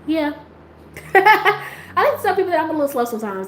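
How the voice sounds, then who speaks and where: A woman talking casually, rambling in slang, laughing often and jumping into high squeals when she quotes herself. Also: lively intonation, quick pace. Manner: slang-heavy, rambling, trailing off quietly. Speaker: host. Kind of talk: casual chat. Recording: echoey room with faint ambient noise.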